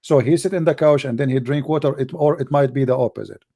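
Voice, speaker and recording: A native Arabic speaker from the Middle East, he hosts a live apologetics debate show and has an Arabic accent. He talks quickly in a mid-range, creaky voice, sounding mocking, forceful and emphatic.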